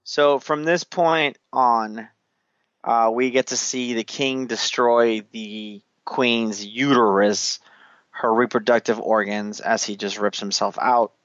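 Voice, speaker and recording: A man hosting a casual chat, retelling scenes with animated energy, acting out lines and swearing casually, on a dull, dry recording. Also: mid-range voice, takes it slowly, no room sound. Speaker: podcast host recapping an anime.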